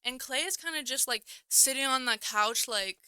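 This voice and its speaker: A woman's voice: sits high, normal speed, bright, forceful tone, clear, resonant tone, no room sound. A young woman telling a personal story in a casual, rambling way, full of "like"s and self-corrections. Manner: rambling, filler-heavy, with many "like"s and self-corrections. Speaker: storyteller vlogger.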